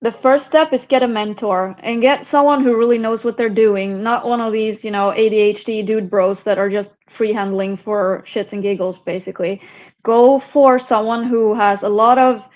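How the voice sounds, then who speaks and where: A woman from Sweden with a Swedish accent, a herpetologist talking casually as an interview guest, chatty and quick to laugh. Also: on the high side, fairly even intonation, lo-fi sound. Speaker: guest, herpetologist and venomous snake keeper.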